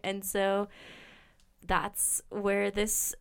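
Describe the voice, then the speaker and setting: A young woman hosts a casual podcast and tells stories with plenty of feeling. Her voice is smooth and clear, and her pitch sits in the middle. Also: fairly even intonation, moderate pace. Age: young adult. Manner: chatty, storytelling, emotional. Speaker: podcast host.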